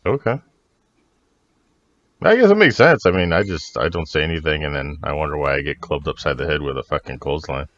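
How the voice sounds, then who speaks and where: Deep-voiced, laid-back joking man. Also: animated, brisk, fairly bright tone, highs cut off. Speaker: podcast co-host. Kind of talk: casual chat.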